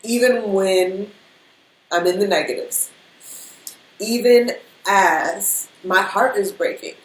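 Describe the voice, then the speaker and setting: A woman giving a casual spiritual pep talk as a reader, emotional and animated, full of fillers and repeated phrases. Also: mid-range voice, slow. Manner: emotional, animated, speaks in rhythm with many fillers. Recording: echoey room with faint background noise.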